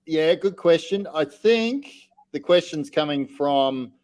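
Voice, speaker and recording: Easygoing Australian co-host, a bit higher voice. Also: male voice, lively intonation, slow, a little mellow. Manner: laughing, easygoing, restarts often. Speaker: podcast co-host. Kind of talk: casual podcast chat.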